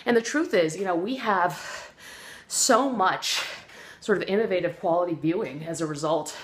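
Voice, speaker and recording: A woman's voice: fairly low pitch, moderate pace. A woman giving an earnest, rambling comic self-help talk, full of fillers and restarts. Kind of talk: comic motivational monologue. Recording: echoey room.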